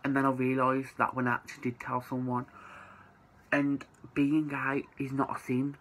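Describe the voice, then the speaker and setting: Chatty young man, flat delivery. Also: medium pitch, normal speed, a little hiss or hum, low-quality recording. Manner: chatty, lots of "like", swears freely. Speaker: vlogger. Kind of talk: casual storytelling to camera.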